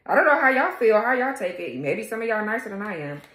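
A woman's voice: fairly high pitch, sing-song, quick pace, fairly bright tone, roomy sound. A woman doing a casual tarot reading for her viewers, blunt, sassy and full of swearing. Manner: talks straight to viewers, laughing at times. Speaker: tarot reader.

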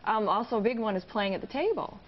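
A woman's voice: medium pitch, lively intonation, quick pace, slight background noise. A woman guest and mother on a TV talk show, sharing how she handles her kids in a matter-of-fact way. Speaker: parent guest. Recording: slightly dull TV audio.

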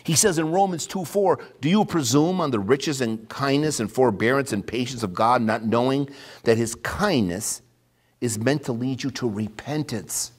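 A man preaching a sermon, reading scripture aloud and swinging between loud emphatic declaration and hushed, near-whispered asides. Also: medium pitch, moderate pace, slightly rough.

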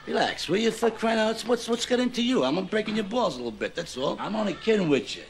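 An actor playing a boisterous middle-aged gangster who talks loudly and teases with swagger, in a film scene. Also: male voice, high voice, big pitch swings, quick pace, gravelly, full character voice. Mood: defensive. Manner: loud, teasing, swaggering. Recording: film audio with music under it.

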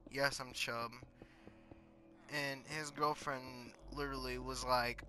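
A man's voice: mid-range voice, steady tone, normal speed, pushed and bright. A teenage boy telling crude stories in casual, rambling talk full of fillers and swearing, over faint music. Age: teens. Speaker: storyteller.

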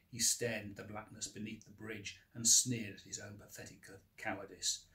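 A man reading aloud from his own novel in a measured, expressive narration with dramatic emphasis. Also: on the low side. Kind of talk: audiobook-style scripted narration.

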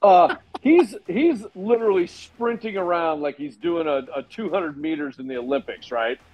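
A man's voice: on the high side, animated, normal speed, highs cut off. Male co-host, crude wisecracks, faint music underneath. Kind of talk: casual movie talk.

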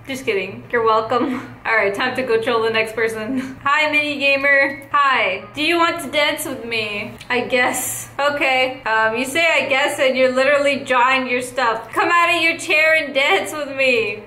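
A woman's voice: high voice, measured pace, bright, forceful tone, a little hiss or hum. A woman giving playful, teasing commentary over her gameplay, laughing often. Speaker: gaming YouTuber. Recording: echoey room.

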